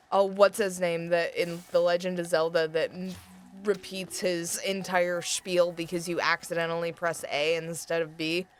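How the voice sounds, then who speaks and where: Lady streamer gaming n chatting w chat, laughs a lot, swears, voice jumps all over, faint music behind. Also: lowish voice. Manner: animated, laughing often, swears freely. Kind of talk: casual gameplay chat with chat.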